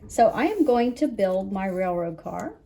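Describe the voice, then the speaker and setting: A woman who is a children's librarian, reading a picture book aloud and showing a craft in an expressive, sing-song way. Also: medium pitch, measured pace, gravelly. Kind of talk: storytime read-aloud and craft demo.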